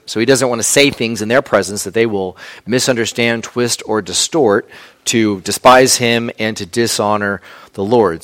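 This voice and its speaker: A man's voice: fairly low pitch, a bit bright, no room sound. A man preaching a sermon in a conversational, plainspoken way, with casual asides. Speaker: pastor.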